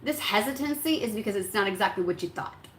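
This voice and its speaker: A woman's voice: mid-range voice, expressive, fast, fairly bright tone. A woman giving a casual tarot reading, chatty and blunt, swearing freely and acting out what her listeners think. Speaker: tarot reader. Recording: echoey room with faint background hum.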